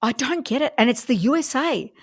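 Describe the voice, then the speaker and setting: A woman hosting a radio chat, chatty and reacting quickly to her guest. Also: high voice, expressive, husky. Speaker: radio host.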